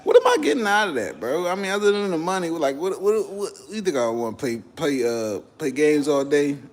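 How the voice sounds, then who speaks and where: A man's voice: on the high side, sing-song, a little fast. A young man from Texas hosting a casual livestream, joking and swearing as he banters with his chat. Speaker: livestream host.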